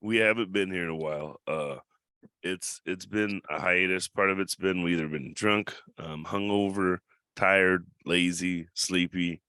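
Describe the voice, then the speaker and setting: Deep-voiced joking male podcast host. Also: fairly even intonation, unhurried, sharp tone, clear, resonant tone, no room sound. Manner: joking and profane, laughs often. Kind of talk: casual podcast chat.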